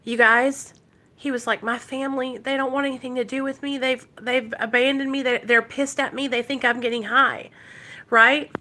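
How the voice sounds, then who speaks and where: A woman's voice: sits high, little pitch movement, normal speed, bright, forceful tone. A woman from Arkansas telling an emotional story on her recovery vlog and talking straight to her viewers. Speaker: recovery vlogger.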